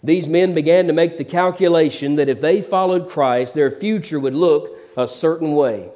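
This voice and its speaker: A middle-aged male pastor preaching a sermon, telling stories in a folksy, animated preachy manner and repeating words as he builds. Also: on the high side, normal speed. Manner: preachy storytelling, repeats words when excited.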